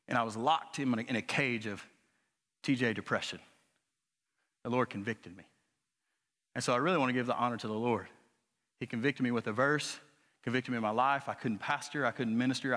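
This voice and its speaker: A man preaching a sermon as pastor, moving from quiet, low talk to loud, high-pitched exhortation. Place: church sanctuary. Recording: church hall reverb.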